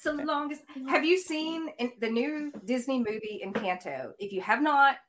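A woman's voice: fairly high pitch, animated, moderate pace, slight background noise. A woman co-hosting a podcast, chatting casually and gushing enthusiastically about what she loves. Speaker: podcast co-host. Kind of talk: casual chat.

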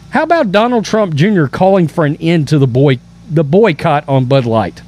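A man's voice: on the high side, animated, moderate pace, a little mellow. A man hosting a political commentary show, reading news aloud and reacting with emphatic indignation and stammered restarts.

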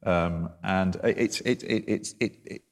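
A man in a casual book discussion, talking in a halting way, full of restarts and repeated words as he works out his thoughts. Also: low voice.

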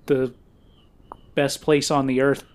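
Clear-voiced man laughing through chat. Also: medium pitch, flat delivery, slow, a little mellow. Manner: chatty storyteller, laughs often. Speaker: podcast co-host. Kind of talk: casual chat.

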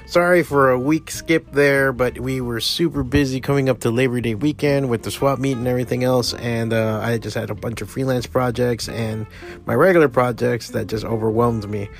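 A man's voice: mid-range voice, steady tone, normal speed, faint music behind. A middle-aged man hosting his own podcast from his studio, rambling casually and swearing freely with self-deprecating humor. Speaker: podcast host, comic shop owner. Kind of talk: casual solo podcast talk.

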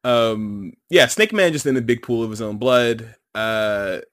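A man's voice: medium pitch, measured pace, a bit bright. A young man chats about a manga on a podcast in an easygoing way. His voice sits in the middle range for a man, he laughs often, and he swears casually as he talks. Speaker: podcast co-host. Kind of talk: casual chat recapping a manga.

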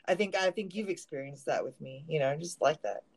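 Woman on a podcast, lowish voice, blunt, cusses a lot, laughs at herself. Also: a little fast, husky. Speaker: podcast co-host. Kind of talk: casual chat.

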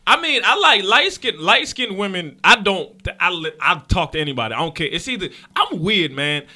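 A man's voice: high voice, very animated, normal speed, sharp tone. A male comedian chatting as a guest on a podcast, joking animatedly and laughing often. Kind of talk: casual podcast chat.

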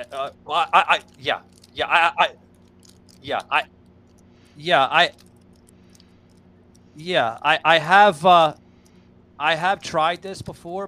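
A man's voice: a little high, pushed and bright. A man hosting a casual podcast, rambling and repeating himself, stammering through a sponsor read and swearing freely. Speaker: podcast host.

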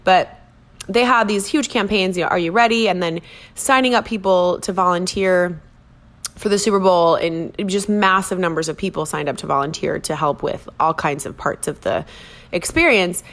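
A woman's voice: lowish voice, normal speed, fairly bright tone. A woman from Minnesota hosting her own podcast, chatting casually in a rambling, self-deprecating way. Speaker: podcast host. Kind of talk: casual chat.

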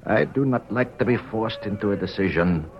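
An actor playing a proud, stubborn elderly grandee, speaking in a stately, formal way in 1940s radio acting style. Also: male voice, expressive, moderate pace. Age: older. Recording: dull old radio recording, faint rumble.

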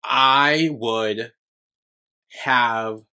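A man talks through a casual podcast over a remote call, his voice bright and a little sharp. He rambles as he builds a story, leaning hard on filler words and dropping swears without a second thought. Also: medium pitch, steady tone, extremely slow, clean tone. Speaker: podcast co-host. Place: remote call from separate homes.

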